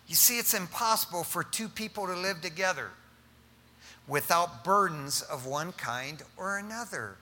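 Middle-aged man, pastor, animated conversational sermon, high voice, long hall reverb. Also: normal speed.

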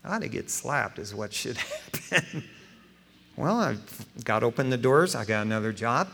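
A man in his fifties preaching a folksy, animated sermon as pastor, acting out dialogue as he tells stories. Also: mid-range voice, moderate pace, creaky, husky. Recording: long hall reverb.

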